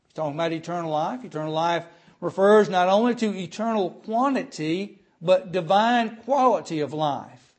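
A pastor preaching a sermon. He speaks earnestly, often says "uh" and repeats words, and reads scripture slowly and with emphasis. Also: sits high, darkish tone.

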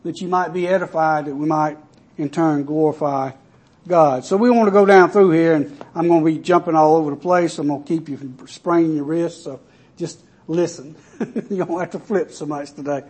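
A man delivers a sermon. He talks through the text casually, pausing on fillers, and raises his voice when he quotes verses. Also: fairly high pitch, steady tone, darkish tone, husky. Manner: conversational preaching with frequent "uh" fillers, rising for scripture readings. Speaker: preacher.

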